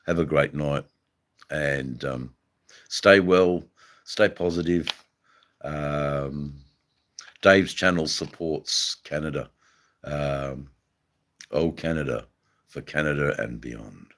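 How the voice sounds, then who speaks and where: An Australian man hosting a livestream, chatting casually with viewers in a halting way, full of ums and repeated phrases. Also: a bass voice, fairly bright tone. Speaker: livestream host reading chat. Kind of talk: casual live-stream chat.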